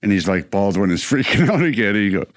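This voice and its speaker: A man's voice: on the low side, big pitch swings, fast, no room sound. A man co-hosting a casual talk show, telling a rambling movie story and acting out its lines. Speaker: co-host. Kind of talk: casual chat.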